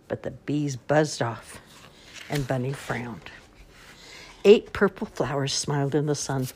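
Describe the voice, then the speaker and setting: An older woman reading picture books aloud to a child in an expressive, sing-song way. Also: a little slow, a little hiss or hum. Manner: sing-song, expressive read-aloud with lively pitch swings. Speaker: storyteller.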